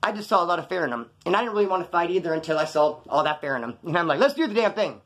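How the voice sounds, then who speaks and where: A man rattles off a rambling, profane story about his past, acting out the scenes as he tells it. His voice is on the high side, fairly bright, and rapid-fire.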